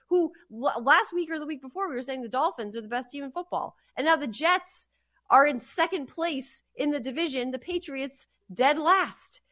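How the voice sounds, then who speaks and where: A woman co-hosts a sports podcast, chatting casually about football and betting. She's animated and laughs easily, and her voice sits high.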